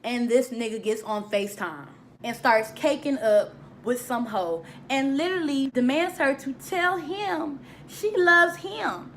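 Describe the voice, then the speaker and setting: A woman with a somewhat high voice tears through a reality show episode in a casual vlog review. She is profane, sassy and emphatic, and she often mocks people by mimicking their lines. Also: expressive, unhurried, a bit bright, a little hiss or hum. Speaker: reality TV recap vlogger.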